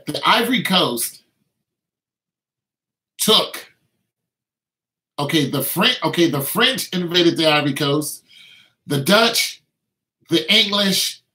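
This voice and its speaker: A man's voice: on the high side, bright, forceful tone, low-quality recording. A man from the United States talking in an emphatic, rambling way, with many restarts and "you know what I'm saying" asides. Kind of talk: casual opinionated talk.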